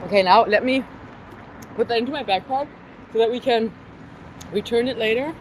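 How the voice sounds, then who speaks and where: A woman's voice: a little high, normal speed, a little mellow, rough recording. A German woman from Berlin with a German accent, chatting casually with live-stream viewers on a phone on a selfie stick while walking through city streets, full of "like" fillers. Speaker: livestreamer. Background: faint street and traffic noise.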